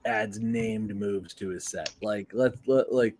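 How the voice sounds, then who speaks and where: A man co-hosting a casual wrestling podcast, talking in an excitable, rambling way and swearing freely. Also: fairly low pitch, slow, a little hiss or hum. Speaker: podcast co-host.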